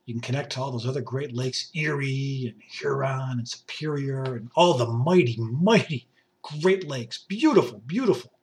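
A man in his sixties, hoarse and raspy from a cough, hosting a rambling, jokey solo podcast from a basement home studio. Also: medium pitch, moderate pace. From upstate New York. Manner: rambling, jokey, with many fillers and asides. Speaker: podcast host.

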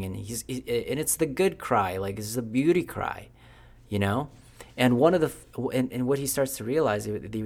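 A man's voice: on the low side, gravelly. A man telling an improvised story in a casual, unscripted way, with fillers along the way.

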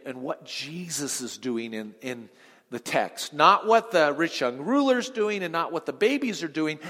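A male pastor preaching a sermon, swinging from emphatic lines to hushed ones and quizzing the congregation. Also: mid-range voice. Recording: long reverb of a large hall.

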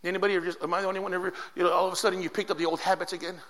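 A man preaching a sermon to his church, calling out to the congregation and building up to shouts. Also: high voice, flat delivery, very fast. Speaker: pastor.

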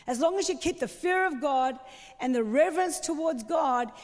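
High-voiced woman preaching passionately. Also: expressive, normal speed, darkish tone, in a large hall. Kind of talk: sermon.

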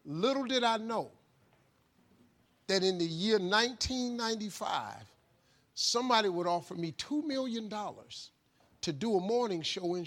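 A man giving a motivational talk, telling a story with lively shouted bits where he acts out phone calls. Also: high voice. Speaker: motivational speaker.

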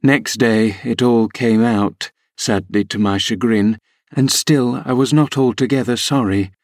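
A man's voice: medium pitch, fairly even intonation, unhurried, darkish tone, no room sound, clean studio sound. Man reading a classic novel aloud. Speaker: audiobook reader. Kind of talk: scripted narration.

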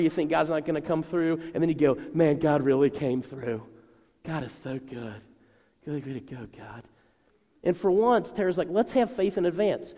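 A man preaching a sermon to a congregation, animated and acting out the voices he quotes. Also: a little high, in a large hall. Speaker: pastor.

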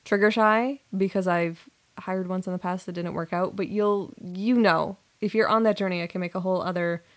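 A woman's voice: on the low side, fairly even intonation, moderate pace. Earnest rambling woman podcaster. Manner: earnest, rambling, self-correcting storytelling. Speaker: podcast host and coach. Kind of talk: casual solo podcast monologue.

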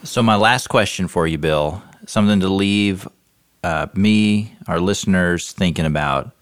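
Podcast host guy, super deep and smooth, dry mic, kinda halting and thoughtful. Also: no room sound. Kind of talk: casual interview.

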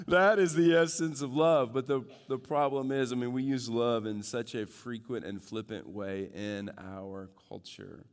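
Pastor guy preaching, loud one sec then hushed, big echoey church sound. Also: medium pitch, fairly even intonation, measured pace, clean tone. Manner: swings from loud joking asides to hushed earnest stress. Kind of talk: sermon.

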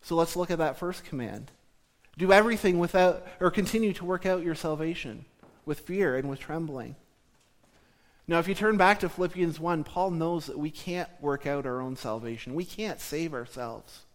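A man from southern Ontario delivers a sermon in a measured, explanatory way. His voice sits a little high for a man, and he slows down to press home his main points. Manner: measured teaching tone, slowing for emphasis. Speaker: preacher.

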